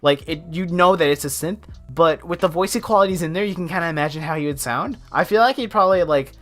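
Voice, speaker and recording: A man's voice: fairly high pitch, quick pace, fairly bright tone. A young man chatting casually on his art live stream, rambling with lots of fillers. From United States. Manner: chatty, rambling, many fillers, laughs often. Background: faint lo-fi music.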